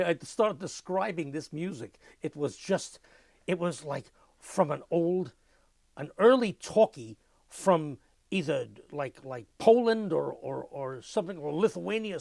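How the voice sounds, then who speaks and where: An older man, telling lively anecdotes in an oral history interview and mimicking sounds as he goes. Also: a little high, unhurried, creaky, no room sound. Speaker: interviewee, musician.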